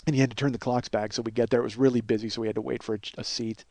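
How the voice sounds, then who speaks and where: A man hosting a comedy podcast, telling a rambling story in an animated way, swearing and laughing often. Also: mid-range voice, racing, dry recording. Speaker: podcast host.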